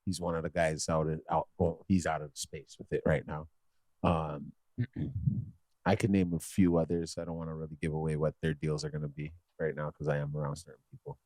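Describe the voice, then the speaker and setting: Interview guest, male, very low voice, calm, matter-of-fact delivery. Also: a little fast, dry recording. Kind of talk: casual interview answer.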